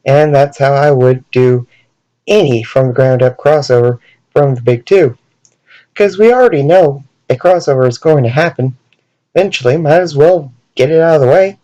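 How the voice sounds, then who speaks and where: A man's voice: medium pitch, normal speed, warm tone, highs cut off. A man hosting a comedic commentary vlog, jokey and self-mocking, fond of puns. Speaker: video host.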